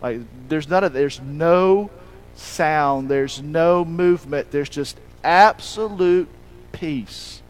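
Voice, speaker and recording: A male pastor delivering a sermon in a fairly high voice. He tells the story with animated energy, acting out the lines he quotes. His delivery rises to loud emphasis and then drops to a hush. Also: slow pace, low-quality recording.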